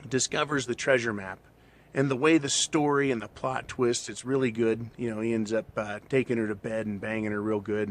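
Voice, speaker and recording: A man casually retelling a film plot in a rambling, opinionated way, often tagging his sentences with "right?". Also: mid-range voice. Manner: rambling, tags lines with "right?". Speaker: channel host.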